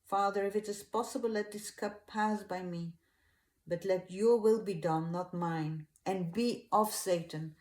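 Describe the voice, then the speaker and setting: Woman doing a tormented man in prayer, higher and louder than her own voice, pleading, mellow tone. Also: unhurried, reverberant, natural voice. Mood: resolute. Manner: pleading, sobbing-edged outbursts. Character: anguished grown man praying in agony.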